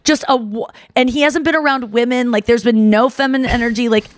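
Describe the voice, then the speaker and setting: A young adult woman hosting a podcast, telling a story casually and excitedly, with lots of "like" and acted-out quotes. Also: fairly high pitch, brisk, dry recording, clean studio sound. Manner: animated, excitable, heavy use of "like"; acts out quoted voices. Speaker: podcast host.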